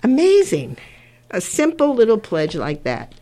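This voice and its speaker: A woman's voice: fairly high pitch, wildly swooping pitch, measured pace, mellow. Older woman, community radio host, earnest, rambling, repeats herself. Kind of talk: community radio talk show.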